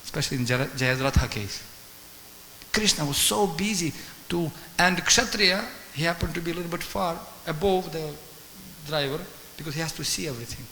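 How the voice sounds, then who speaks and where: A man giving a sermon as a guest speaker, telling stories in an animated way, acting out dialogue and chanting Sanskrit verses. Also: a little high, a little fast. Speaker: guest speaker at a temple class. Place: temple hall. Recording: echoey temple hall with faint hiss.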